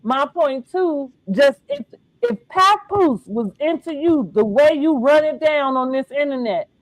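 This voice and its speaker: Brief: middle-aged woman host, high bright voice, slangy animated chat, dry close sound. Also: dry recording, rough recording. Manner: animated, slangy, laughs often. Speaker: podcast host. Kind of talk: casual reality-TV recap chat.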